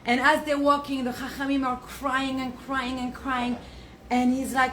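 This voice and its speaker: Her high voice moves a little slowly as this young Torah teacher from southern France tells lively stories to a small group, laughing frequently. She drops in Hebrew and Yiddish words, with echo and faint background ambience in the room.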